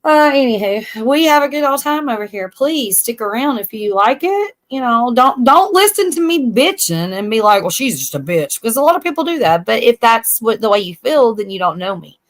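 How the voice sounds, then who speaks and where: A woman's voice: fairly high pitch, sing-song, normal speed, few pauses. Chatty Southern woman streamer. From Tennessee, USA. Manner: chatty, frank, stumbles and restarts. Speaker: live stream host. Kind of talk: casual live stream chat.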